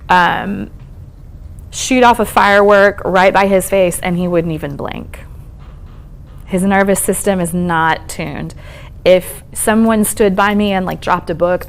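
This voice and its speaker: Gravelly-voiced woman giving a wellness talk. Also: fairly low pitch. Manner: conversational, reassuring, frequent "um" and "okay?" check-ins. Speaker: speaker on trauma and resilience, therapist. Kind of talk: conference talk to an audience. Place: lecture room at a college event.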